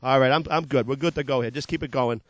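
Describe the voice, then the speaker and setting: A man hosting a local TV car sales show, pitching cars in upbeat, repetitive patter and joking about his own slips of the tongue. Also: fast, no echo.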